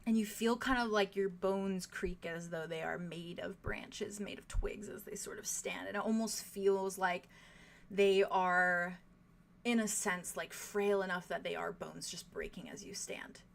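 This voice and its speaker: A woman's voice: mid-range voice, fairly even intonation, a little slow, gravelly. A young woman narrating a tabletop game as game master, descriptive and full of fillers. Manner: descriptive, many fillers like "like" and "kind of".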